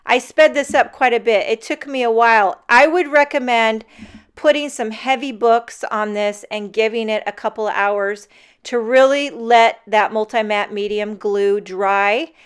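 A woman's voice: a little high, a little slow, smooth. A woman narrating a casual craft tutorial in voice-over, chatty and talking straight to the viewers. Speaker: card-making crafter.

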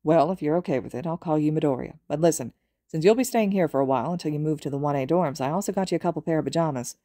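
A woman reading the part of a gruff, burly male teacher who talks bluntly and matter-of-factly. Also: deep voice, very fast, dark tone, no echo, studio quality.

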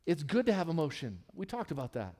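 Male pastor, sermon, fairly high voice, candid, humorous, church sanctuary. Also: fast. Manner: candid and humorous, with lively swings in pitch and loudness.

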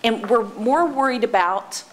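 A woman's voice: fairly high pitch, unhurried. A woman state senator speaking in committee debate, folksy and conversational.

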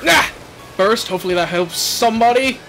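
A man commentating his own racing game play, excitable, shouting and laughing at the game. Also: high-pitched, brisk, soft background music. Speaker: gaming channel host.

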